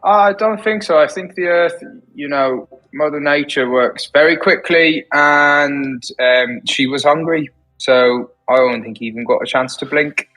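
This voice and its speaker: Dude doing a cheeky lich, pitched way up, put-on accent, kinda hesitant, bright voice. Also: male voice, a little slow, faint music behind, rough recording. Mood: casual. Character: undead male lich spellcaster, casual and cheeky.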